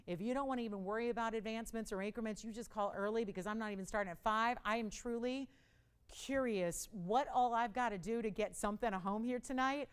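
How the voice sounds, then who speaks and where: A woman's voice: fairly high pitch, fast, clean tone. A woman hosting a live television jewelry auction, chatty and self-mocking, with dramatic pleas for bids and frequent laughs. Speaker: live shopping host.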